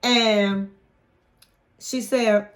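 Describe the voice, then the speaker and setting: A woman hosting her own online channel, giving a casual, chatty recap of a reality show with an animated, playful delivery. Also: mid-range voice. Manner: animated, playful, drawn-out flourishes. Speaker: YouTube host reviewing a reality show.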